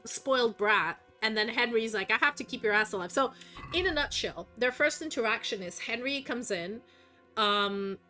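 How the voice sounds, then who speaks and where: Woman, russian accent, bright forceful tone, slightly high, rambling casual gaming chat, faint music behind. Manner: rambling, chatty, swears freely. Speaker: streamer.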